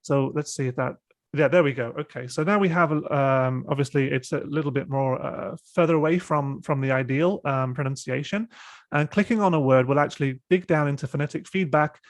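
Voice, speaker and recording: A British man hosting a webinar discussion and software demo, speaking with many fillers and restarts over a video call. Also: a little high, brisk, dry recording. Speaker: host.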